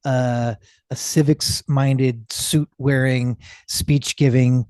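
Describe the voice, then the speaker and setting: A man's voice: mid-range voice, flat delivery, takes it slowly, a little mellow, no echo, studio quality. A man speaking as a podcast guest in casual conversation, earnest and emphatic, stacking up phrases.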